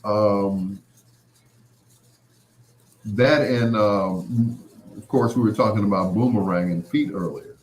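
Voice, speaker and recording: A man's voice: lowish voice, slow pace, pauses often. A middle-aged man hosting a podcast, chatting loosely in a rambling way with lots of "you know" fillers and acted-out quotes. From Chicago area. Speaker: podcast host. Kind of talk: casual storytelling chat.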